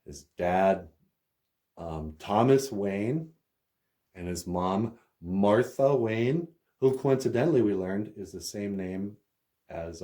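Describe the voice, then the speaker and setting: A man's voice: low voice, mellow. A man telling a comic story as a storyteller, rambling with lots of fillers and laughs.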